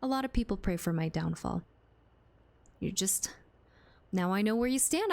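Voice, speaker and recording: A woman with a medium-pitched, expressive, gravelly, darkish voice speaks at normal speed. She's livestreaming a game from a room at home with the door closed, chatting playfully and responding to her chat while she plays, through a streaming mic with a compressor.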